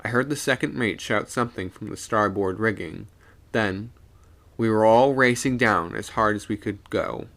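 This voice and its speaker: Gravelly man reading a ghost story. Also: fairly low pitch, moderate pace. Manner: expressive storyteller voicing each character.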